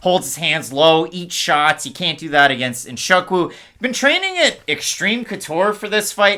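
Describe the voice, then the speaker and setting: A man's voice: high-pitched, pushed and bright. A man co-hosting a fight preview podcast, rattling off stats and odds in a casual breakdown. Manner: stat-heavy, rapid-fire breakdown. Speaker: co-host.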